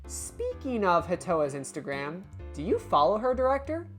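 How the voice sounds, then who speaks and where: A woman's voice: lowish voice, big pitch swings, normal speed, soft background music. A woman voicing an upbeat, pushy young woman in a story game, with a teasing manner. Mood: chirpy.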